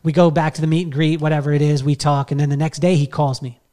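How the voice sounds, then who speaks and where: A middle-aged man recounts a personal story in a loose, animated podcast style. His voice sits a touch higher than most men's, and he rambles on with plenty of fillers and false starts. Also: fast talker. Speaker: podcast host telling a story. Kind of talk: casual storytelling.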